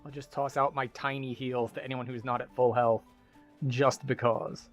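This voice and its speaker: A man's voice: medium pitch, level tone, normal speed, faint music behind. Rambling male game streamer. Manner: rambling, many filler words. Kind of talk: casual gameplay commentary.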